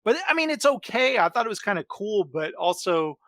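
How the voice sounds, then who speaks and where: A man's voice: high voice, fairly quick, no echo. Enthusiastic male podcast host, dry sound. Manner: enthusiastic, animated storytelling. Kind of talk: casual chat.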